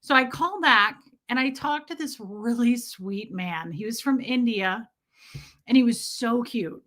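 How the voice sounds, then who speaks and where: A woman with a bright, forceful voice rants casually to her livestream audience. Her pitch sits a little on the high side, and she talks quickly with lots of restarts and filler "like"s. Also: expressive. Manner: fast, chatty, full of restarts and "like". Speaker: livestream host. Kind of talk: casual ranting storytelling.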